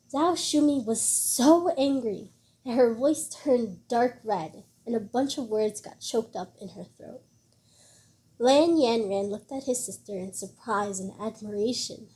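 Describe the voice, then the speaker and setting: A woman reading a web novel aloud in a steady storytelling voice, with a few small restarts. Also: fairly high pitch. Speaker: audiobook reader.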